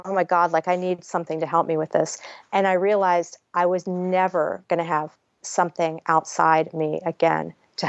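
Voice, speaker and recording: A woman author, appearing as a podcast guest, tells her personal story frankly in a chatty way, swearing here and there. Her voice sits lowish, and the recording is dry and slightly dull with no room sound.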